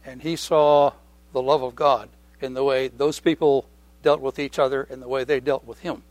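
A middle-aged man preaching a sermon in a conversational way, repeating key phrases and often clearing his throat. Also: medium pitch, flat delivery, moderate pace, a little mellow, no room sound.

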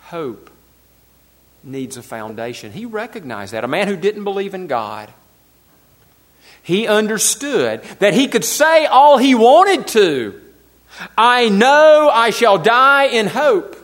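A pastor with a high voice preaches slowly in a sing-song manner to his congregation. He repeats key phrases for emphasis, lets some lines fall soft and low, and asks his listeners questions.

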